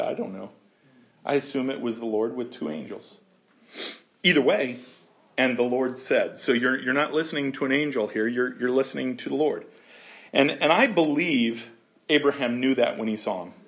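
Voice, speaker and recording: A man's voice: medium pitch, a bit bright. A man leading a verse-by-verse Bible study. He reads scripture aloud, then comments casually, laughing easily and acting out the characters' lines. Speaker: Bible teacher.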